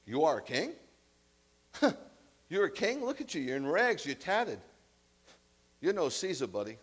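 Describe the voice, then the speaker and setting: A man's voice: fairly low pitch, very animated, fast. A man putting on a brash, mocking Roman governor. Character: scornful male Roman governor, dismissive.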